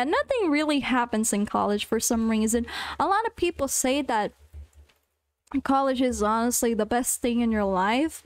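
A young woman streaming a farming game, chatting casually with her viewers and squealing with excitement. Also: sits high, no echo.

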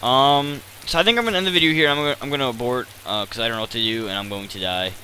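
A man's voice: medium pitch, racing, sharp tone, a little hiss or hum, rough recording. A man giving rambling, self-deprecating commentary over his gameplay, hesitant and full of fillers. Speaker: gaming channel host.

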